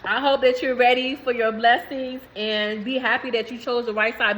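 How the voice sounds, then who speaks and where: A woman's voice: a little high, fairly bright tone, rough recording. Woman, spiritual reader, emphatic and rambling, faint background noise. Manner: emphatic, rambling, swears freely. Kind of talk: casual spiritual message to viewers.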